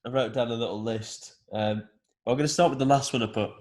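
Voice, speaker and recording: A man's voice: mid-range voice, fairly quick. A man hosting a podcast, telling self-deprecating stories in casual chat. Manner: relaxed, self-deprecating storytelling with fillers. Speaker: podcast host.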